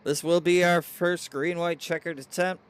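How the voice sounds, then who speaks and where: A man doing excitable play-by-play race commentary with hiccups, reading viewer chat aloud. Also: sits high, normal speed, smooth.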